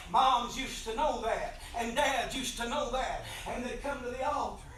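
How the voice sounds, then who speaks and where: A man preaching an impassioned revival sermon in a church, swinging between soft pleading and loud shouting. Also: very high-pitched, fairly even intonation, normal speed, hardly any pauses, faint music behind. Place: church sanctuary. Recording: very echoey church from far off mic.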